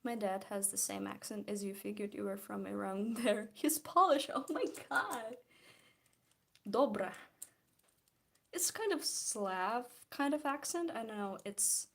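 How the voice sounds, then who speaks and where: Drawing while responding to live chat, this Belarusian vlogger talks casually and frequently restarts her sentences. She has a Belarusian accent, with Belarusian or Russian as her first language, and her mid-range, creaky voice moves at a moderate pace with few pauses.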